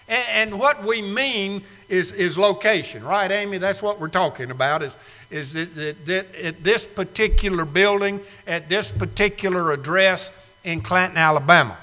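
A man preaching a sermon in a church, emphatic and swinging between loud and hushed. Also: sits high, normal speed, long reverb tail, low-quality recording. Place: church sanctuary.

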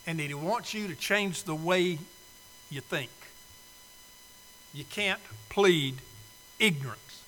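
A male preacher giving a sermon invitation in a church, pleading and swinging from loud urging to soft, hushed appeals. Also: high voice, big-room sound, poor audio. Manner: pleading, swells loud then drops soft. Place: church sanctuary.

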